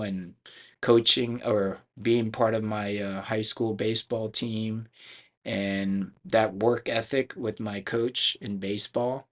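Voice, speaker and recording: A middle-aged man from Philadelphia in the United States, who owns a karate school and serves as its chief instructor, shares stories from his life in a casual podcast interview. He speaks in a low voice and rambles, often restarting and using fillers.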